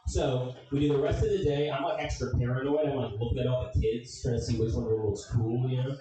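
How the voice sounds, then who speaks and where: A young man doing a stand-up comedy set, telling a story with swearing and loud funny voices. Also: medium pitch, fairly even intonation, a little fast. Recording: echoey room, distant mic.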